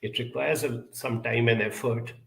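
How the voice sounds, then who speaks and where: Earnest man with a gravelly voice. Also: mid-range voice, fairly even intonation, fairly bright tone, echoey room, rough recording. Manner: measured, earnest, many pauses and fillers. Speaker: self-help speaker answering viewer questions. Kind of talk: reflective talk.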